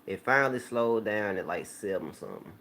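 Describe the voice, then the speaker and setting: A man with a very low voice hosts his own video channel and chats straight to his viewers. He rambles loosely through stories, full of slang and restarts. A faint hiss of noise sits under the recording. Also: expressive, a little fast, fairly bright tone. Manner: laid-back, rambling storytelling with slang. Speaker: YouTube channel host. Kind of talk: casual talk to viewers.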